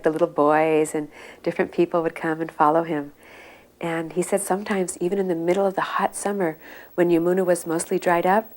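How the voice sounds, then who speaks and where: A woman with a lowish voice tells old anecdotes in an easy, meandering way. She speaks as a devotee sharing memories, unhurried and conversational. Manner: relaxed, meandering storytelling. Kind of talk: recounted anecdotes.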